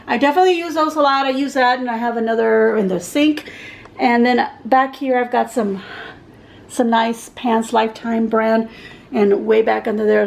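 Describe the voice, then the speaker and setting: A woman's voice: fairly high pitch, gravelly, darkish tone, poor audio. A middle-aged woman from Texas giving a casual, rambling tour of her kitchen and pantry as a vlogger, often searching for words. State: out of breath. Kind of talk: casual home tour chat. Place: home kitchen.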